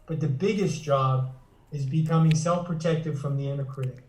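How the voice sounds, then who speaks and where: A male psychotherapist and author explains things earnestly in an interview, teaching as he goes and often stopping to restart phrases. His voice is medium-pitched and darkish, with fairly even intonation and normal speed, recorded away from the mic in an echoey room.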